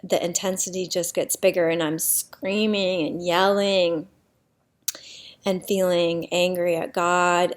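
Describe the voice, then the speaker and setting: Slow, soft-spoken reflective woman. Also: on the low side. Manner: unhurried, pausing often, with soft fillers. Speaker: vlogger sharing personal healing practice. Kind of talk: reflective personal monologue.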